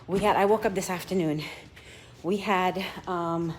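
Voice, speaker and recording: A woman's voice: on the low side, steady tone, unhurried, a little hiss or hum. A woman in her fifties filming a live tour of a large house on her handheld phone, talking bluntly and profanely to her viewers. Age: 50s. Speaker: vlogger.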